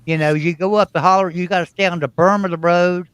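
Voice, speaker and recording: A man's voice: high-pitched, fairly even intonation, fast, a bit bright, clean tone, no echo, lo-fi sound. A man with a West Virginia Appalachian accent, hosting a casual chat and telling rambling, folksy stories. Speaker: host.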